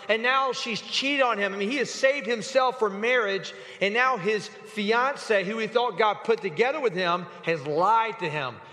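A man preaching a sermon in a church, telling the story with animated acting and quick asides to the congregation. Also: high voice. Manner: animated storytelling, acts out voices of people in the story. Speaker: pastor. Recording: long hall reverb.

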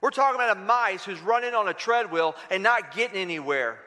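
A man preaches in an animated style, dramatizing scripture as he goes. His voice sits high for a man and rings bright and forceful. Long reverb from a large hall trails each phrase. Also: fairly quick. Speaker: pastor. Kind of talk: sermon.

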